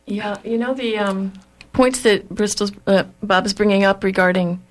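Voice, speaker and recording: A woman who is a guest healer, explaining steadily in a conversation and pausing on fillers. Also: medium pitch, flat delivery.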